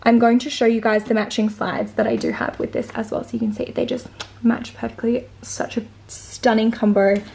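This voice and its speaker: A woman's voice: fairly high pitch, moderate pace, gravelly, darkish tone. A woman with an Australian accent chatting through a casual unboxing vlog at home, gushing and filling her talk with likes and ums. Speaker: vlogger.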